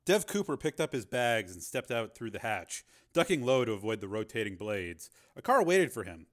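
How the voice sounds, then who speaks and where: A man's voice: fairly low pitch, sing-song, normal speed, fairly bright tone. A man narrating a novel as an audiobook, reading steadily with the odd filler.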